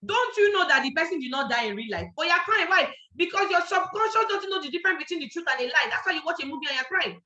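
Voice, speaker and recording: High, quick Nigerian woman trainer. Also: lively intonation, bright, forceful tone. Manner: emphatic, repeats points, keeps asking listeners if they follow. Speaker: network marketing trainer. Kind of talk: motivational training talk. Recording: echoey, dull lo-fi sound.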